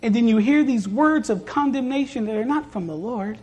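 A woman preaches at a church service in an expressive, somewhat high voice at normal speed. She hammers home her points by repeating phrases, shifting between soft and loud delivery.

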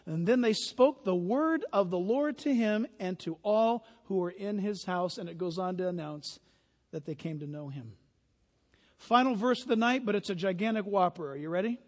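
High-voiced preacher in a reverberant hall. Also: male voice, normal speed. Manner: animated preacher, builds to loud emphatic peaks. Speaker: pastor. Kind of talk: sermon.

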